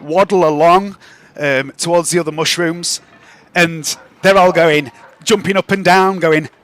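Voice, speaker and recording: A man's voice: a little high, steady tone, a little slow, fairly bright tone, no echo. A man narrating as game master of a tabletop game, loose and laughing, with many fillers.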